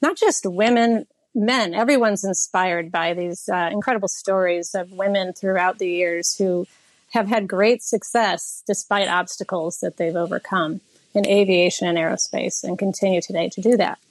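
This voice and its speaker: A woman's voice: mid-range voice, steady tone, normal speed, no echo. A middle-aged woman pilot answering interview questions earnestly, with a few fillers. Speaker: guest, airline pilot.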